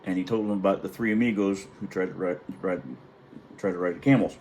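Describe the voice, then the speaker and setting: A man's voice: sits low, steady tone, quick pace, darkish tone, slight background noise, rough recording. A middle-aged man, a retired Navy chief, telling a wry and profane story in a casual, rambling way. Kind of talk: casual anecdote.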